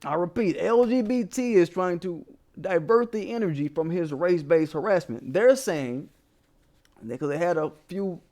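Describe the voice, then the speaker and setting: A man hosting a casual commentary show, telling a story in a profane, animated way and laughing as he goes. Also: a little high.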